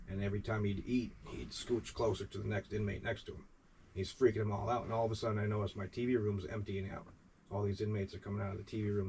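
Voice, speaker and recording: Correction officer, man, New York accent, casual storyteller who swears, low voice, distant mic. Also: darkish tone. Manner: rambling anecdote, quotes others with "I says", casual swearing. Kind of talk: interview storytelling. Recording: distant mic with faint background noise.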